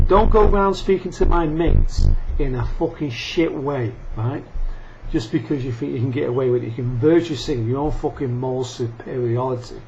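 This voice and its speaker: In an angry, profanity-filled monologue, a vlogger faces the camera, swearing often and laughing and coughing between tirades. His darkish voice sits on the high side at a moderate pace, with dull lo-fi audio and faint noise.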